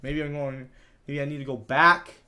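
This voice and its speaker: A man giving live gameplay commentary, talking to himself in frustrated, excitable bursts with many restarts. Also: on the high side, moderate pace. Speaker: gaming YouTuber.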